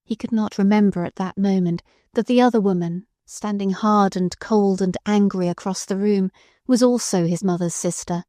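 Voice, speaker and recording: A woman narrates an audiobook from a script, telling the story expressively. Her medium-pitched voice moves at a moderate pace, recorded with clean studio sound and no room sound.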